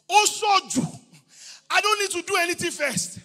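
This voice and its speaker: A man preaching a sermon as pastor, exuberant, breaking into shouts and laughter. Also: extremely high pitch, normal speed.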